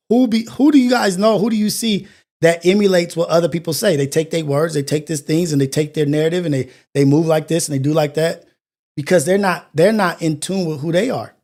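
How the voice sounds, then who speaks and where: High-voiced man preaching on a morning show. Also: a little fast, a little mellow. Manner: earnest, preachy, repetitive phrasing. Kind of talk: motivational monologue.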